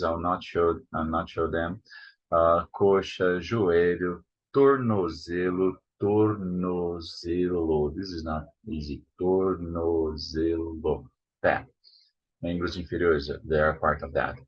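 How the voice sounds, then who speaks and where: A Brazilian man teaching Portuguese, saying each word slowly and repeating it to model the pronunciation. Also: low-pitched, husky. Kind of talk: language lesson. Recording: dull lo-fi sound.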